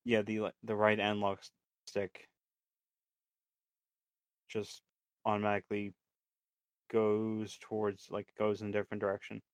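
Low, flat deadpan man. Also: unhurried, long pauses, clear, resonant tone, no room sound. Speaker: podcast co-host. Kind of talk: casual chat.

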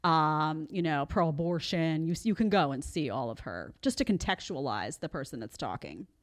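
A woman hosting a live commentary show, sarcastic and animated, often mimicking others in mocking voices. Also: low voice, moderate pace. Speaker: host.

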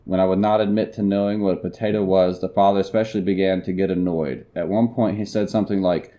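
Young male podcast host, low and dark-toned, deadpan story reader. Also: fast, few pauses. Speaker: podcast host reading internet stories. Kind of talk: casual podcast chat and story reading.

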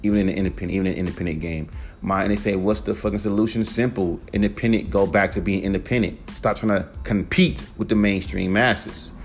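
Deep-voiced man ranting profanely. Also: fast talker, faint music behind. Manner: profane, emphatic, animated rant. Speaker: podcast host and rapper. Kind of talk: casual solo podcast rant.

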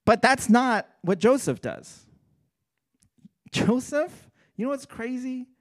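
A male pastor delivers a relaxed, conversational sermon. He peppers it with rhetorical questions. His delivery swings between loud, animated stretches and hushed, earnest ones. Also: extremely high pitch, slow pace. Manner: casual preaching with rhetorical questions and "right?".

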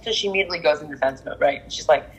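A woman on a podcast mic in casual chat, telling stories in an animated, venting way. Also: low voice, racing, husky, low-quality recording.

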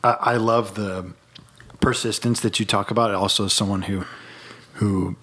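A man's voice: on the low side, steady tone, a little slow, fairly bright tone, husky. A young man co-hosting a Christian podcast, speaking in an encouraging, reflective way in casual chat. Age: young adult. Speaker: podcast co-host.

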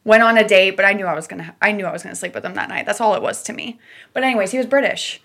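Bright-voiced young woman telling a candid story. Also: medium pitch, rapid-fire, gravelly. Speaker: podcast co-host. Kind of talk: casual podcast chat, storytelling.

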